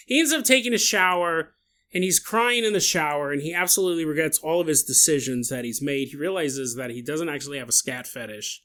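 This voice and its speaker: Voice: medium pitch, lively intonation, fast, sharp tone. A podcast host telling a story casually, laughing often and breaking into mock outrage and silly voices for the people in it. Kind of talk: casual storytelling with comic asides.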